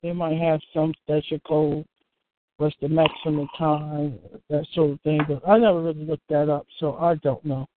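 A man's voice: fairly high pitch, flat delivery, normal speed, noisy background. A man hosting a community call, talking casually in a rambling, easygoing way with lots of fillers. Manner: rambling, easygoing, many "you know" fillers. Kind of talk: casual chat. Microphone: phone or call line. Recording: tinny phone line, dry.

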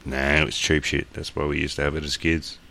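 Very deep gravelly Australian man. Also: flat delivery, fairly quick, bright, forceful tone. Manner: joking, loose and profane. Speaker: podcast co-host. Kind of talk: casual chat.

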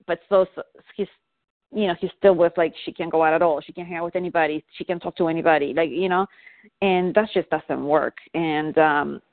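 A woman with a fairly low voice speaks candidly as a parent, circling her thoughts with fillers and restarts. The sound is dry and boxed-in, like a phone line. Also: dry recording. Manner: rambling, self-reflective, frequent fillers and restarts. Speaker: parent seeking guidance. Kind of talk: candid conversational call.

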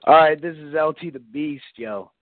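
Man, from Canada, caller, higher pitch, hyped, slangy, dry tinny audio. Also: moderate pace, dry recording. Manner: hyped, trash-talking, slangy. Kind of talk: casual call-in talk. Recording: tinny phone-like call audio.

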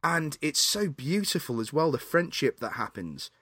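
A man co-hosting a podcast, chatting casually about films, laughing often and animated. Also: on the high side, normal speed, slightly rough, no echo. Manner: animated, laughs often, acts out film scenes. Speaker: podcast co-host. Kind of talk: casual film chat.

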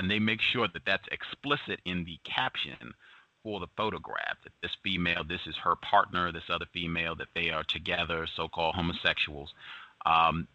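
A man hosting a radio show, reading the news and commenting with emphasis, repeating his points slowly. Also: low voice, sharp tone, no room sound, muffled recording.

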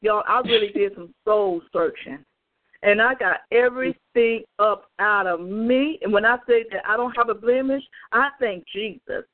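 Speaking at a moderate pace in a mid-range voice, a woman evangelist shares a fervent, emphatic testimony during a prayer call. She talks straight to her listeners over a tinny phone line.

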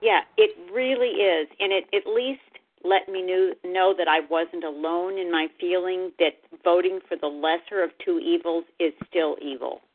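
A woman's voice: lowish voice, fairly even intonation, moderate pace. A woman chatting earnestly on a talk radio show, agreeing readily with the host. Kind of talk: casual talk-radio chat. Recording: tinny phone line.

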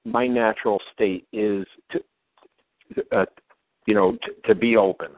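A man in a coaching session, talking through his feelings in halting, stammering speech as he searches for words. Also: fairly low pitch, steady tone, dry recording. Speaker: client. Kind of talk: reflective self-exploration talk. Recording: dry phone-like line.

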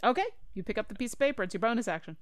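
A woman running a tabletop game as dungeon master, narrating the action and rulings in a brisk, upbeat way. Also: mid-range voice, animated, no room sound.

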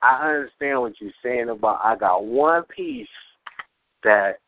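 A man's voice: mid-range voice, lively intonation, unhurried, no echo. A man who is a guest poet on a radio show, explaining his craft at length in casual talk. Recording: dry, phone-like radio audio.

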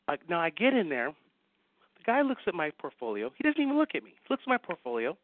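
A man guest on a radio talk show, telling anecdotes with excitement and acting out the dialogue. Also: sits high, fast talker, dry recording. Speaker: guest writer. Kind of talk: animated storytelling in a radio chat. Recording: dry, phone-like line.

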